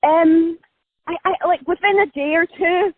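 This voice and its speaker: Over a tinny phone line with no echo, an actress from Scotland speaks in an extremely high voice, with fairly even intonation and an unhurried pace. Walking outdoors during the casual interview, she chats away, pokes fun at herself, and laughs a lot.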